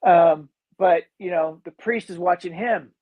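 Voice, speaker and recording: Rambling high-voiced man recapping a movie. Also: a little slow, dull audio. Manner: rambling, many "you know" fillers, acts out lines. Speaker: podcast co-host. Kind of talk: casual movie recap chat.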